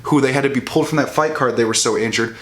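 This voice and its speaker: A man's voice: mid-range voice, fast talker, a bit bright. Profane, heated young man ranting. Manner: profane, heated, restarts and mocking quotes. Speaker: bodybuilding vlogger. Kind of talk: ranting casual commentary.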